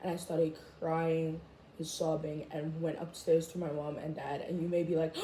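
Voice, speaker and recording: A woman in a casual rant to camera as a vlogger, chatty and full of "like", jumping high in pitch when she quotes herself. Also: normal speed, warm tone. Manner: chatty, full of "like" and "I was just like". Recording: echoey room, faint background noise.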